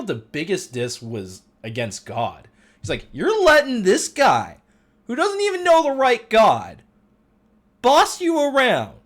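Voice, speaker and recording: A man casually retelling a Bible story in slangy, playful speech, putting on voices for the characters. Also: mid-range voice. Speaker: host.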